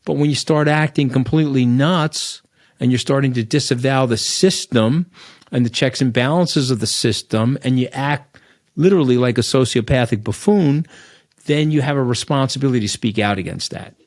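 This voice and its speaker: A middle-aged man talks as an interview guest, blunt and animated. He tells his stories freely, tags points with "okay?", and sits at an average pitch for a man. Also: moderate pace. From Long Island, New York. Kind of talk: candid storytelling interview.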